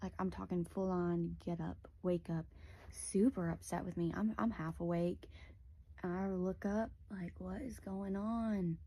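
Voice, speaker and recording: A woman's voice: fairly low pitch, steady tone, unhurried, warm tone, husky. A young woman telling a personal story in a casual, rambling way, full of "like" fillers, close to a phone mic.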